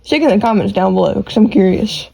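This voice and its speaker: A woman with a thick Texas country accent hosting her own podcast from her bedroom, talking quickly and rambling with restarts, recorded on earbuds and a phone. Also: mid-range voice, animated, creaky, mellow, poor audio. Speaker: podcast host. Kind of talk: casual solo podcast chat. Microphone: AirPods with iPhone recording.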